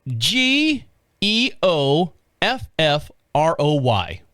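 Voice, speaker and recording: An American man hosts his own show and tells a long, rambling story in a casual monologue, restarting his sentences often and swearing now and then. His voice sits a little high for a man. The sound is close and dry, with no room around it. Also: very slow, dry recording. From United States. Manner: rambling, animated retelling with frequent restarts and laughs. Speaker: podcast host.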